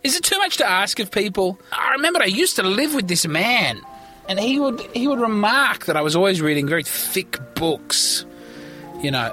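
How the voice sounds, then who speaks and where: A man's voice: high voice, expressive, moderate pace, music in the background. A tired man hosting a rambling solo comedy podcast from a parked car, with theatrical, pompous mock-indignation.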